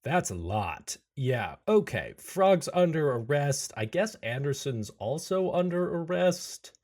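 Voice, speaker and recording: A man's voice: fairly high pitch, big pitch swings, slow pace, a little mellow, heavily acted. A man voicing a confused, exasperated male authority figure. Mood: baffled. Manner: exasperated, flustered.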